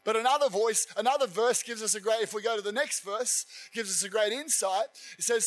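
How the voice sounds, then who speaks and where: A man preaching a sermon, telling stories with energy and building to fervent shouts. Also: high voice, brisk, few pauses, soft background music. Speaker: pastor.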